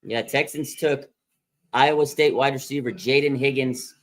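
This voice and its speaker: A man hosting a live sports draft stream, excitable and rambling, repeating himself and laughing as picks come in. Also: medium pitch, moderate pace. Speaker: livestream host. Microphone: streaming microphone.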